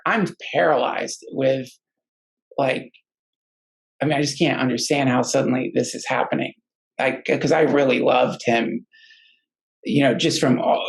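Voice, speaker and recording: A man's voice: on the high side, creaky, rough recording. A man telling a personal story in a casual, rambling way, often stopping and restarting his sentences. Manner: halting and rambling, many restarts. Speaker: guest storyteller.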